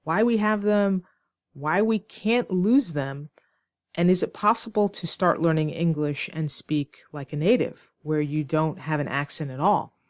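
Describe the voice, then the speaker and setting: A woman teaching an online English lesson, explaining slowly and clearly with rhetorical questions to her students. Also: deep voice, no room sound, clean studio sound. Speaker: ESL teacher.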